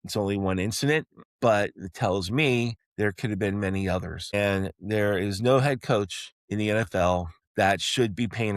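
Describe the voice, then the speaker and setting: Male sports podcast host, low voice, emphatic and rallying, dry close-mic read. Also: no echo. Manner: emphatic, repeats "okay?" to drive points home; rallying, pleading tone toward fans. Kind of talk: solo sports opinion podcast.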